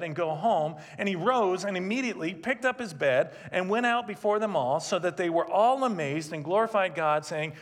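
Male pastor, fairly high voice, lively storytelling sermon delivery. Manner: animated storytelling with asides and laughs. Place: church sanctuary, also streamed.

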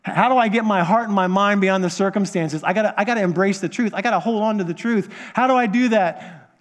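Male pastor, high voice, earnest sermon delivery, stumbles and restarts, drops to a hush then builds to emphasis. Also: fast. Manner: earnest, repetitive preaching with many restarts; swings between hushed lows and emphatic highs.

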